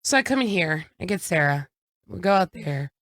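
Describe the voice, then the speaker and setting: A woman's voice: fairly low pitch, lively intonation, fairly quick, a bit bright, dry recording, studio quality. A woman in her thirties co-hosting a podcast, telling a family story in a frank, casual way and swearing now and then. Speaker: podcast co-host. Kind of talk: casual chat.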